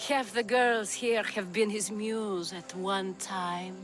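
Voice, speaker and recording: A woman's voice: mid-range voice, steady tone, slow, music in the background, lightly acted. An actress playing a sultry, teasing female brothel madam.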